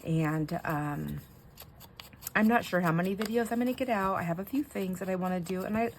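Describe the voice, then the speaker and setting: A crafting vlogger, an older woman with a fairly low voice, speaks briskly and casually to viewers as she crafts. She rambles and gets sidetracked, emotional at heart, and a light hiss runs beneath her voice.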